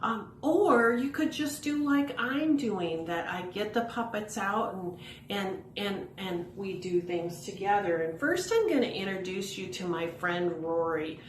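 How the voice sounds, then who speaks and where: A woman's voice: fairly low pitch, lively intonation, a little slow. Chatty woman in an echoey room. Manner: friendly, chatty, encouraging. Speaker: mentoring coordinator. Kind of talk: casual instructional talk to camera. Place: at home. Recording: echoey room with faint noise.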